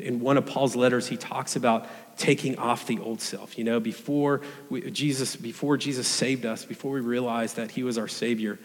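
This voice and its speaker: A man's voice: medium pitch, big-room sound. A young adult man preaching a sermon in a conversational, earnest way.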